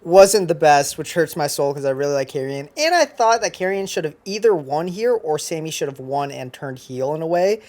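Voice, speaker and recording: A man co-hosting a casual chat, eager and bossy as he hurries his partner along. His pitch moves a lot, rising and falling with animation. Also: expressive, darkish tone. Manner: eager, bossy, quick to hurry things along. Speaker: podcast co-host.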